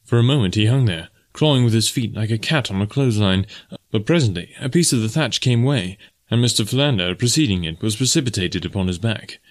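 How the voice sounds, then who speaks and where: A man with a fairly low voice reads an audiobook aloud. His storytelling is steady and measured, easy to follow. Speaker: audiobook narrator and podcast host. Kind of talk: audiobook reading.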